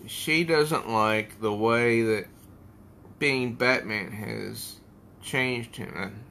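Slow-talking bright-voiced man reviewing comics. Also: mid-range voice, slight background noise. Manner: rambling, thinks aloud while paging through a comic. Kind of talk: casual spoken comic review. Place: at home.

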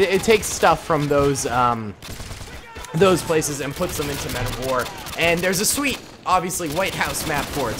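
A young man from the Boston area giving relaxed, chatty, self-mocking gameplay commentary as the host of a gaming channel. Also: a little high, noisy background. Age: young adult.

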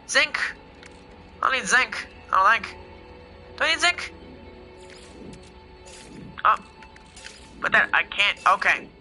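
A young man giving casual, excitable gameplay commentary as host, exclaiming and laughing as he plays. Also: high voice.

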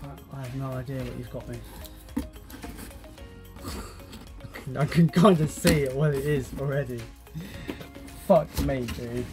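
A young man unboxing a gift, excitable and swearing often, laughing as he talks. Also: medium pitch, unhurried, long pauses, over music. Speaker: YouTuber. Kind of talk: casual unboxing vlog.

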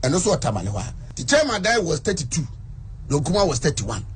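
A man's voice: fairly high pitch, sing-song, fast talker, a little hiss or hum. A man with a Ghanaian accent recounting events step by step, switching between Twi and English. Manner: plain step-by-step storytelling. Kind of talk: narrated account in an interview clip.

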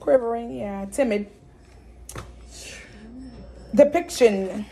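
A woman's voice: a little high, takes it slowly, dark tone, slight background noise. A woman quizzing her child on vocabulary words in a playful, teasing way, laughing often. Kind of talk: casual family chat.

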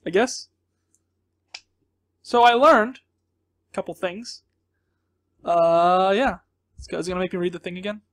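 A high-pitched man talks through a scary game as a let's play. He gets flustered and jumpy, thinks aloud and exclaims often. Between outbursts he drops to a quiet mutter. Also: no room sound. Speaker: gaming channel host.

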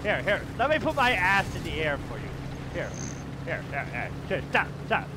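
A young man streaming a game, chatting casually with a friend, excitable and swearing, with sudden outbursts when he feels under pressure. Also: high-pitched, moderate pace, noisy background. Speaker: gaming streamer. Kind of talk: casual gaming banter.

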